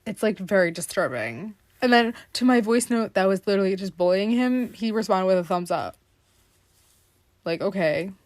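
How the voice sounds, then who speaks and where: A woman's voice: medium pitch, expressive, normal speed, dry recording. A young woman hosting a podcast, telling stories in a rambling, dramatic way and laughing often. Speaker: podcast host. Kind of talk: casual podcast monologue.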